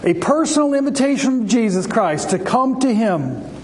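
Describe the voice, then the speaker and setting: A male preacher with a high voice delivers a passionate sermon and lifts his delivery when he quotes scripture. A long reverb trails each phrase, as in a large hall. A faint noise stays under the voice. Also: sing-song, moderate pace. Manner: passionate, rises for scripture quotes, some restarts.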